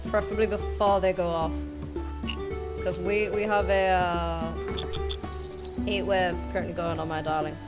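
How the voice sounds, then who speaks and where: A woman's voice: lowish voice, fairly even intonation, moderate pace, long pauses, rough recording. A woman streamer chatting casually while playing, rambling and hesitant with many fillers. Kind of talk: casual live-stream chat. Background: background music.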